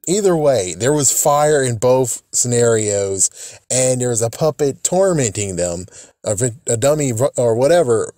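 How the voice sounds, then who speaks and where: A man's voice: medium pitch, animated, a little slow, mellow, no room sound, studio quality. A man hosting a casual video, talking in a rambling, hesitant way with restarts. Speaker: video host. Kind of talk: casual chat.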